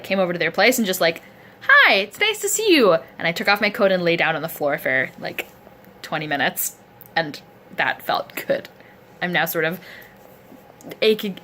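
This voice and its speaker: Woman vlogger, bright voice, a bit low, rambling chatty diary delivery, sounds sore and achy. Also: slight background noise. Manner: chatty, rambling, self-deprecating. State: sore and aching. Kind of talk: casual video diary. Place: indoors at a friend's home, seated in a chair. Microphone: camera close to the face.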